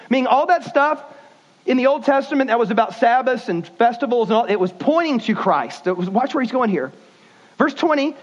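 A man preaching a sermon, animated and folksy, shifting his pace suddenly. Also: extremely high pitch, moderate pace. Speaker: pastor. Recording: dull lo-fi sound.

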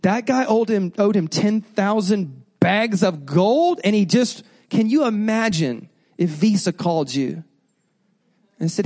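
A man preaching a sermon, telling a parable with animated asides and calls for the congregation to repeat words. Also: high voice, measured pace. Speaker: pastor.

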